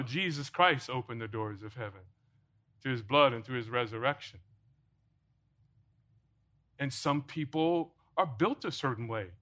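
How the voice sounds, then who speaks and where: Man preaching in a church, quizzing his listeners, ringing tone, pitched a bit high. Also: bright, forceful tone. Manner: rhetorical questions to the congregation. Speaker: pastor. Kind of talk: sermon.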